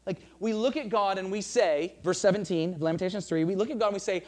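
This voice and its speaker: A man's voice: high-pitched, fast talker, few pauses, a little mellow. A man preaching a sermon as pastor, earnest, often restarting phrases and reading scripture aloud.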